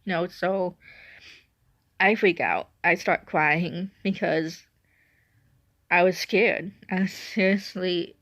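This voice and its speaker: A woman's voice: fairly low pitch, a bit bright, dry recording. Rambling young woman telling a story. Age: 20s. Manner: rambling, self-correcting storyteller. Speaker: vlogger. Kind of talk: casual storytime. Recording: dry, dull lo-fi recording.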